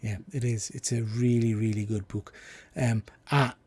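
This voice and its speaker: A man chats enthusiastically while hosting a live stream. His voice is mellow and warm rather than bright. Now and then he drops into quieter, trailing asides. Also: medium pitch, fairly even intonation, moderate pace, husky. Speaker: livestream host. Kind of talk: casual live chat.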